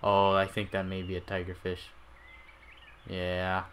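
A man with a low voice drifting through a casual game commentary at an unhurried crawl, full of fillers and restarts. A clear hiss of noise sits under his voice. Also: completely flat delivery, fairly bright tone. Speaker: gaming channel host. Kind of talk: casual let's-play commentary.

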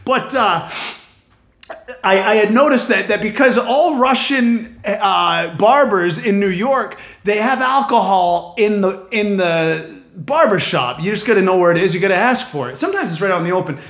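A man telling a profane story as a stand-up comedian, animated and building to yelling. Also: high-pitched, moderate pace. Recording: echoey room.

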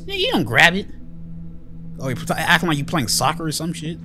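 Male gamer, high lively voice, loud and profane, hammy mock-dramatic reactions. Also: a little fast, music in the background. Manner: loud, excitable, swears often, mock-dramatic pleas. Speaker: gaming channel host. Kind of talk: let's play commentary.

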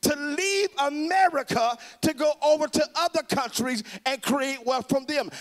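High-pitched shouting preacher man. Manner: preacherly, shouting call-and-response to crowd. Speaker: pastor. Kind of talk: fiery political speech. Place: convention hall.

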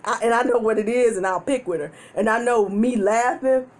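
A woman hosting a mukbang, chatting casually to viewers while she eats and telling stories animatedly, with frequent laughter and loud whoops. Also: fairly high pitch, fairly quick. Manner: chatty, addresses viewers directly. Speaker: mukbang host. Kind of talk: casual chat while eating.

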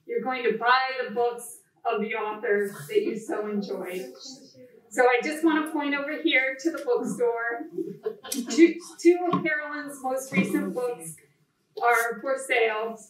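High, playful woman announcing in a hall. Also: measured pace. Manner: playful, chatty. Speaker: event organizer. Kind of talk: event announcements. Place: lecture room at a reading. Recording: echoey hall, distant mic.

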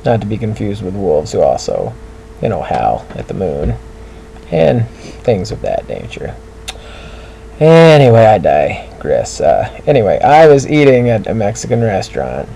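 A man voicing a gravelly comic bulldog. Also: fairly low pitch, big pitch swings, a little slow, mellow, a little hiss or hum, heavily acted, low-quality recording. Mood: rambling. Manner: rambling, tongue-tied joke-telling with groaning puns. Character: corny rambling male bulldog comedian, gravelly and self-deprecating. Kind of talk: comic character monologue.

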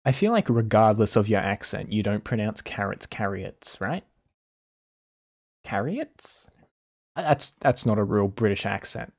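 Husky-voiced man reacting in disbelief. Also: on the low side, expressive, moderate pace, few pauses. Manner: incredulous, swearing, laughing running commentary. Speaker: streamer reacting to videos. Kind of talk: live-stream reaction commentary.

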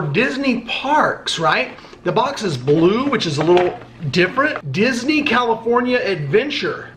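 Man, casual swearing vlogger, high voice, bright tone, joking mail-time chat. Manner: loose, profane, joking, reads notes aloud haltingly. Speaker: vlogger opening fan mail.

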